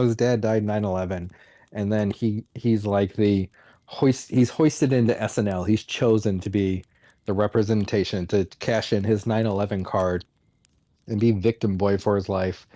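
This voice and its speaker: Male podcast host, mocking comedic rant, mid pitch, dry close mic. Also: dry recording. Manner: animated, mocking, laughs often.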